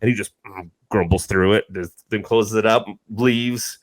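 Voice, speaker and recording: A man's voice: fairly low pitch, fairly even intonation, a little slow, no echo, poor audio. A man on a podcast telling a long everyday story, with frequent restarts and fillers. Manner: rambling storyteller, many restarts. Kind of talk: casual chat.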